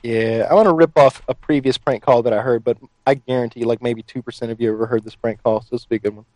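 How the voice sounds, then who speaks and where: A man hosting a show, making a prank phone call in a sly, deadpan, teasing manner. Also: medium pitch, quick pace.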